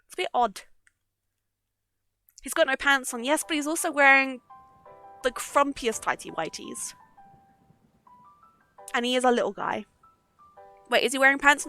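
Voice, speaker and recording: A woman's voice: high-pitched, animated, unhurried, pauses often, bright, forceful tone. A young woman streaming live, chatting casually and giggling often between sweary asides. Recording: faint background music.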